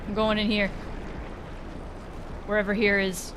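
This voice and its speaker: A woman's voice: medium pitch, flat delivery, a little slow, background noise. A woman casually commenting while playing a horror game, sarcastic, swearing often and sometimes faking scared squeals. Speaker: gaming streamer. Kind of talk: casual let's-play commentary.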